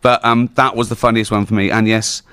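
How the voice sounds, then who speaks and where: A man's voice: lowish voice, flat delivery, fairly quick, a bit bright, smooth, no room sound, studio quality. English man, middle-aged, comedian, sweary storyteller, bursts of laughter, mimics people. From England. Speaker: comedian guest. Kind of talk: live stage conversation.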